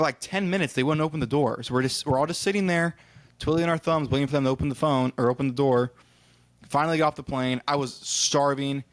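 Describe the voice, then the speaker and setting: A man from Ohio co-hosts a casual podcast, telling long rambling stories. His voice sits at an ordinary middle pitch. He acts out the people he met and drops in the odd swear word. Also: a bit bright. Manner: rambling storyteller who acts out quoted exchanges, swears casually. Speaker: podcast co-host. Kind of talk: casual chat.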